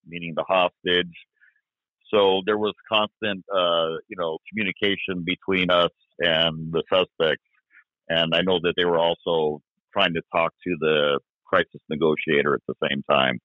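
A man, a former police officer, recounting events in an interview, halting with many fillers and restarts. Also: low voice, steady tone, no echo. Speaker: retired police officer guest. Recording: dry, tinny phone-like line.

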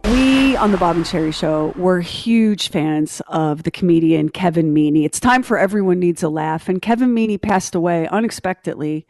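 A woman's voice: lowish voice, normal speed, hardly any pauses, darkish tone, no echo. A woman co-hosting a morning radio show from a studio mic, teasing her co-host in mock indignation. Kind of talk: casual radio banter. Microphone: studio microphone.

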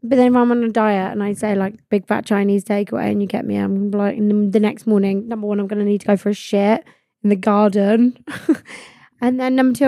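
A woman's voice: a little high, darkish tone, dry recording, studio quality. A young woman, hosting a podcast in blunt, sweary casual chat full of "like". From England. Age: 20s. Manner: blunt, sweary, laughing, lots of "like". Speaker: podcast host.

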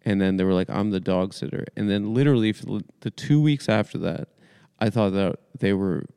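A man co-hosting a podcast, telling rambling dream stories in a deadpan, casual way. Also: fairly low pitch, fairly quick, creaky, clean tone, dry recording, studio quality. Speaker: podcast co-host. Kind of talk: casual comedic chat. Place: small dry studio room.

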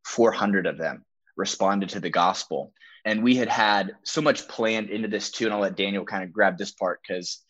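This young adult man is a podcast guest giving storytelling testimony, his voice on the low side, fairly bright, at a moderate pace. He's earnest and emphatic and acts out quoted dialogue, though the audio is dull and lo-fi.

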